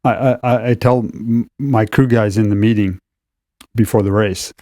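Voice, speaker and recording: An older man, co-host and racing competition director, explaining race strategy in a measured, casual way. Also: on the low side, steady tone, mellow, dry recording, clean studio sound. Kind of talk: casual podcast chat.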